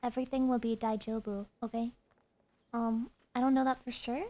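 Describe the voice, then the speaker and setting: Young woman game streamer, slightly high voice, sarcastic and playful, with occasional whispered asides. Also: moderate pace. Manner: playful, sarcastic, breaks into hushed ASMR-style whispers. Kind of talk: casual gameplay commentary.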